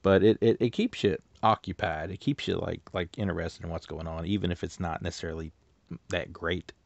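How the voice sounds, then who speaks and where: A man's voice: low-pitched, fairly even intonation, fairly quick, vocal fry, no echo. A man casually reviewing a movie on video, rambling loosely and leaning on filler words. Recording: dull lo-fi sound, dry.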